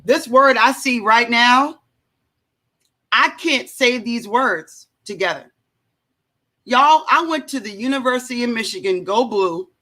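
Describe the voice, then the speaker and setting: A woman hosting a casual reaction show from home, talking in an animated, chatty way with many asides to her viewers. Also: on the high side, measured pace. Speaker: show host.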